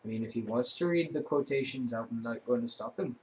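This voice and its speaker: A man's voice: mid-range voice, fast talker, a little mellow. A man reading a dating game aloud for a let's-play, casual and self-deprecating, stumbling over the text. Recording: roomy echoey room.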